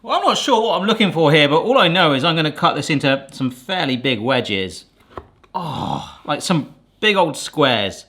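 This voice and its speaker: A man hosting a casual cooking vlog, chatty and quick to exclaim over the food. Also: a little high. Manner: chatty, excitable, exclaims often. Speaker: cooking video host.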